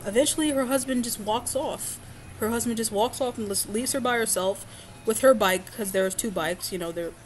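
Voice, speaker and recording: A woman's voice: medium pitch, a little hiss or hum. A woman vlogger telling a personal story in a casual, rambling way, with frequent fillers and restarts.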